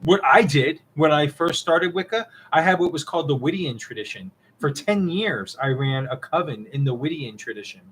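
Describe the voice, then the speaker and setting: A man's voice: a little high, animated, moderate pace, few pauses, fairly bright tone, breathy edge, low-quality recording. A man co-hosting a live Q&A, casually reading viewer comments and chatting in a laid-back way. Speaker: co-host of a witchcraft livestream Q&A.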